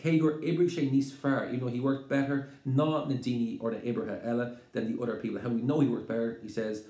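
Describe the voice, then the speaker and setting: A man's voice: mid-range voice, fairly even intonation, quick pace, dark tone. A man with an Irish accent teaching a lesson on a poem, switching between Irish phrases and English explanations. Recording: roomy echo.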